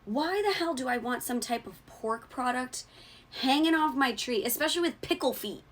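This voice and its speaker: A woman's voice: animated, moderate pace, fairly bright tone. A woman hosting her own show in sassy, mock-outraged comedic commentary, swearing freely, her voice cracking when it rises. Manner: voice cracks when going high. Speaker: show host.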